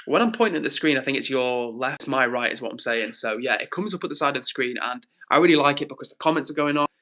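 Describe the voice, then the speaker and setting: A man's voice: medium pitch, expressive, fast talker, pushed and bright. A man hosting his own live stream, chatting casually and reading out viewer comments in an upbeat way.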